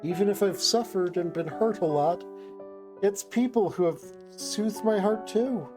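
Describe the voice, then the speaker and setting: A man's voice: high voice, measured pace, over music. A streamer voicing Claire, a kind and earnest young woman in a visual novel, speaking in a raised, sincere, pleading voice. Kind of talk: reading a game's dialogue aloud on stream.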